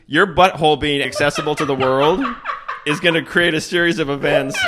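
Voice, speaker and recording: A male stand-up comedian recapping a movie to a friend in an animated way, often laughing and acting out lines. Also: fairly high pitch, brisk, noisy background.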